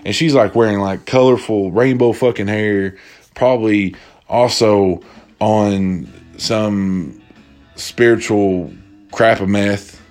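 A man's voice: fairly low pitch, slow pace, soft background music. A young man ranting through casual stories, profane and exasperated. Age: young adult. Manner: profane, exasperated, animated retelling. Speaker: storyteller. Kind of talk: casual storytelling rant.

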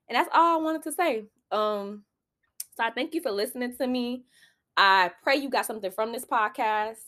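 A woman's voice: on the high side, normal speed, a bit bright. A young woman, hosting a solo podcast and giving candid, preachy advice full of "like" fillers. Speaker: podcast host.

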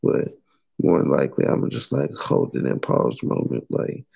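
Male co-host, deep gravelly voice, husky and dark, slightly tipsy, laid-back slang. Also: wildly swooping pitch, normal speed, dull audio. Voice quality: very low, gravelly voice. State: tipsy after a couple drinks. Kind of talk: casual chat.

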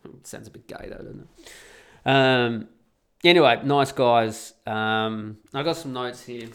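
A man's voice: medium pitch, takes it slowly. A man hosting a solo podcast, talking in a blunt, sweary, sarcastic way. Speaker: podcast host.

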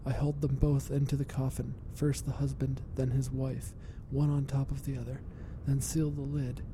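A man voicing a scheming, murderous young duchess in a hushed, conspiratorial way that sometimes turns to a hiss. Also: monotone, normal speed, lightly acted. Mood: whispering. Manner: hushed, conspiratorial, hissing at times. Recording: rumbling background noise.

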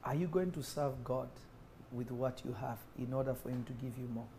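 A man preaches a sermon as a prophet, speaking emphatically, repeating himself and asking the congregation call-and-response questions. His mid-range voice is dark in tone and a little fast, with a bit of hiss or hum in the audio.

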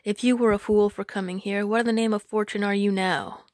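A woman's voice: medium pitch, fairly even intonation, brisk, a little mellow, no room sound, studio quality, close to an everyday voice. A woman voicing a humble, wary grown male blacksmith who speaks earnestly in old-fashioned phrasing.

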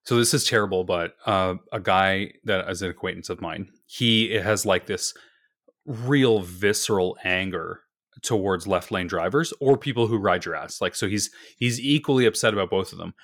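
Low, ranting man. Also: moderate pace, fairly bright tone, dry recording, studio quality. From Canada. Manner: profane, ranting, exasperated storytelling. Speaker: podcast co-host. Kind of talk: casual chat.

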